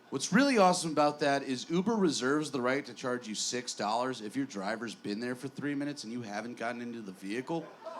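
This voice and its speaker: A man's voice: mid-range voice, slight background noise. A man in his twenties doing a stand-up set in a small bar, rambling and self-deprecating with stammered restarts. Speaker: stand-up comedian.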